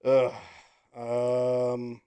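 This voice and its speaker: A man's voice: medium pitch, monotone, drawn-out words, dark tone, clean tone. Chatty man hosting a live draft. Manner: casual, self-deprecating, laughs often. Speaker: podcast host and league commissioner. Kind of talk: live draft stream chat. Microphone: online video call.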